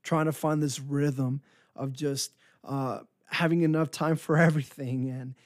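A man's voice: a little high, fairly even intonation, a little slow, no room sound, studio quality. Earnest man giving a devotional talk. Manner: earnest, encouraging, repeats phrases for emphasis. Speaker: Christian minister.

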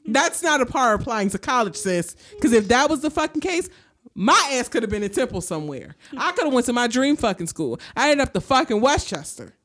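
A woman's voice: fairly high pitch, very animated, a little fast, a bit bright. A young adult woman co-hosting a casual chat, ranting heatedly with sarcasm and lots of swearing. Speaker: podcast co-host.

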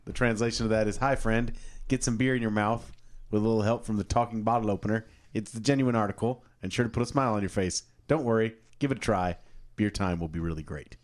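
A man's voice: lowish voice, fast talker. A man co-hosting a comedy podcast, joking and laughing through casual chat. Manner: jokey, laughs a lot. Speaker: podcast co-host.

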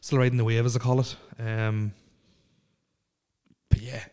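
A man's voice: medium pitch, little pitch movement, measured pace, darkish tone. Rambling man podcasting solo. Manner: rambling, stammering, frequent fillers and restarts. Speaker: podcast host. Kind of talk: casual solo podcast chat. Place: alone in a house.

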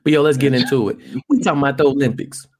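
A man's voice: mid-range voice, steady tone, very fast. A man co-hosting a casual podcast chat, joking around and mimicking people in quotes. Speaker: podcast co-host.

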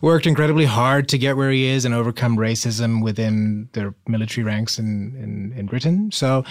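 A mid-pitched man speaking as a podcast guest, friendly and unhurried. He chats easily and warmly about what he's working on. The recording is dry and close. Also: no echo. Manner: friendly, easygoing, self-promoting plainly. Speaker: guest actor. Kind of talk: casual chat.

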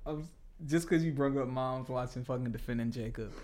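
A young man hosting a podcast, chiming in often and telling excitable, profane stories. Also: medium pitch, brisk. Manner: excitable, profane storyteller who chimes in often. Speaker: podcast host. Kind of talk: casual chat.

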